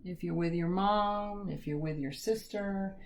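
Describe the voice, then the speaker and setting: A woman's voice: fairly low pitch, a little slow, slight background noise. A woman teaching a live step-by-step painting lesson from home, chatty and self-deprecating, with corny jokes. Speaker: art teacher.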